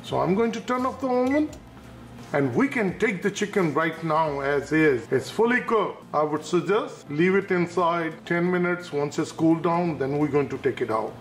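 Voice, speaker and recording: A man's voice: fairly high pitch, lively intonation, normal speed. A man hosting a cooking video, walking through each step and repeatedly warning viewers to be careful in a home kitchen. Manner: instructive, repeats cautions, narrates each step with times. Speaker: cooking channel host. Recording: echoey room with faint noise.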